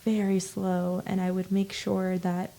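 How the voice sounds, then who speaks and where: Mellow, gravelly young woman guest. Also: medium pitch, completely flat delivery. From United States. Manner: thoughtful, agreeable, drawn-out words. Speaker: podcast guest, actor. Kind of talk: casual interview chat.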